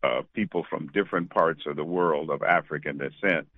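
A man speaking as a radio guest, halting and full of uh's. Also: a bass voice, no room sound. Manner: halting, with many fillers. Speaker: studio guest. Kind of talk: radio interview talk. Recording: tinny phone-like line.

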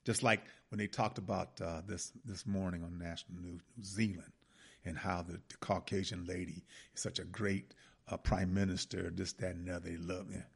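Male radio talk host, low gravelly husky voice, impassioned and preachy. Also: little pitch movement, moderate pace. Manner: impassioned, preachy, addresses listeners as brothers and sisters.

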